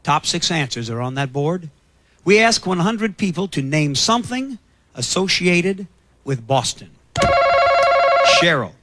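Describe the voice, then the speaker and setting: A man hosting a television game show, teasing contestants in quick banter before a studio audience. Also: fairly high pitch, big pitch swings. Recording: loud studio audience and noise.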